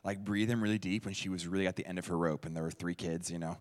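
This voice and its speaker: A man leads a church teaching session in a relaxed, conversational way, asking questions and echoing back what people answer. His voice sits low. The sound carries a long reverb from a large hall. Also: fast talker. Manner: conversational, quizzes the audience and repeats their answers. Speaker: speaker at a church. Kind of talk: interactive teaching talk.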